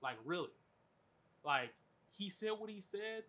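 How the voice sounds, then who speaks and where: Bright-voiced man telling a story. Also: sits high, measured pace. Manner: animated, profane, filler-heavy. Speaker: podcast host. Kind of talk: casual storytelling chat.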